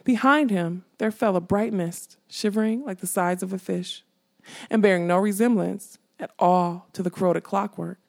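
Creaky-voiced woman reading a fantasy story. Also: medium pitch, moderate pace, darkish tone. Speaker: audiobook narrator. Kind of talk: scripted narration.

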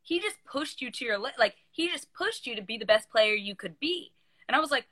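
A young woman with a bright, clear, slightly high voice tells lively stories in a casual chat. She acts out other people's lines with big jumps in pitch. The sound is dry and close, as on a video call. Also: fairly quick, no room sound. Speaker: former player, guest.

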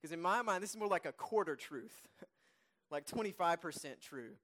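Emphatic preacher man with a higher voice. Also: lively intonation. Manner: emphatic, repeats key phrases; reads scripture slowly and softly. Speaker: pastor. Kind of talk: sermon.

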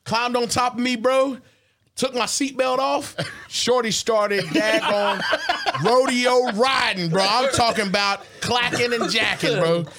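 An animated young man spins a long, slangy story in casual talk. His voice sits high. He tells it with loud bursts of excitement. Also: a little slow, slight background noise. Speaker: co-host.

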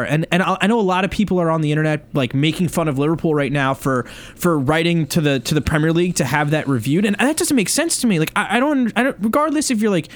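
A man chatting on a sports podcast, heated and rambling, full of fillers and restarts. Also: on the high side. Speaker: Liverpool fan podcast co-host. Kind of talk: casual chat.

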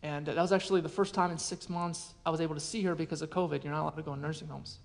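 A man preaching a sermon as a pastor, telling a personal story in an earnest way and often dropping to a hushed voice. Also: fairly high pitch, fairly even intonation, very fast, gravelly.

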